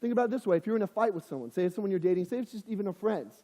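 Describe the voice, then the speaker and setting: A man's voice: high-pitched, animated, rapid-fire, mellow. A young adult man giving a casual sermon to a youth group, talking conversationally and slipping into voices for the people he quotes. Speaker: youth pastor. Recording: long hall reverb.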